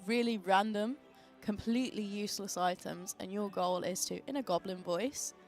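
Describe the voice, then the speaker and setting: A woman presenting on a livestream in an average-pitched voice. She explains things casually and upbeat, with a few ums. Faint music plays in the background. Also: normal speed. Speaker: stream presenter explaining charity goals. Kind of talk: casual chat.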